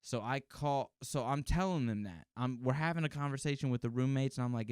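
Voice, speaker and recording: A man's voice: mid-range voice, brisk, hardly any pauses, a little mellow, smooth, dry recording, studio quality. A man hosting a casual solo podcast, telling rambling, profane stories. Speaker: podcast host.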